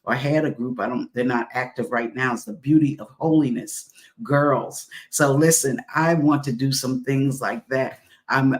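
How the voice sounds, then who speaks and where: A woman pastor hosting a livestream talk show, exhorting viewers, leading them in affirmations and greeting them by name. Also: a bass voice.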